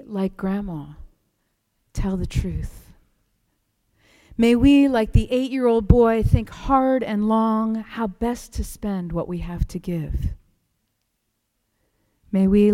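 A woman preacher giving a sermon, telling a story in a soft, hushed manner that drops to a whisper. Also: medium pitch, big-room sound. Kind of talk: sermon with read-aloud story.

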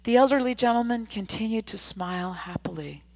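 A woman narrating a story in a scripted reading, hushed and often dropping to a whisper. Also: on the high side, fairly quick.

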